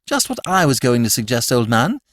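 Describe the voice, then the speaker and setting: A man narrating an audiobook, voicing a breezy, cheerful young gentleman who talks in a bright, chatty way. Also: mid-range voice, sing-song, a little fast. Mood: chummy.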